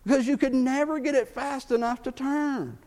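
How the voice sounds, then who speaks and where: A man preaching to his church in a high, bright-toned voice. He builds his points with rising emphasis and slips into quoted prayers and doubts as he goes. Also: moderate pace. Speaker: pastor. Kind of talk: sermon.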